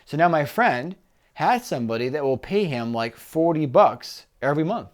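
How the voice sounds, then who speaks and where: A man co-hosting a casual business chat, talking conversationally and pitching a one-on-one call. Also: big pitch swings, normal speed. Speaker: business coach co-host.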